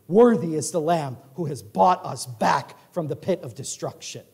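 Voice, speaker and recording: A male pastor preaching a sermon, reading scripture in a loud rising voice and dropping low for asides. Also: expressive, moderate pace, gravelly, slightly rough. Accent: American Midwest. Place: church sanctuary.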